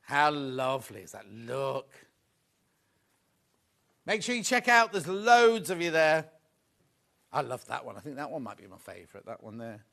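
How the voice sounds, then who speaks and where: A man's voice: mid-range voice, big pitch swings, moderate pace, gravelly, long pauses, sharp tone. A man presenting a live home shopping show in a TV studio, chatting and gushing over the products.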